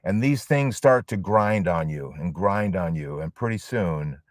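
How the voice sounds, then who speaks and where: A man delivers a storytelling sermon to a support group in a very low voice. He builds his points with emphatic phrasing and long dramatic pauses. The recording is dry and close. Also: animated, no room sound.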